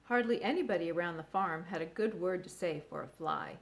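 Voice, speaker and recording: A woman reading a children's book aloud in an expressive, animated way. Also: on the low side, brisk. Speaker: storyteller.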